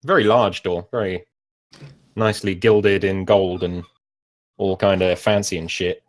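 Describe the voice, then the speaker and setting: A man's voice: low voice, steady tone, a little slow. A man narrating as game master of a tabletop game, rambling and self-mocking with many fillers.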